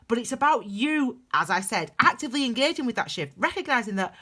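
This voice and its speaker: A woman giving a tarot reading for her channel, talking in a chatty, digressive and animated way. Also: on the high side, fairly quick, slightly rough. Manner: calls viewers "my darlings". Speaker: tarot reader. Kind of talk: casual tarot reading vlog.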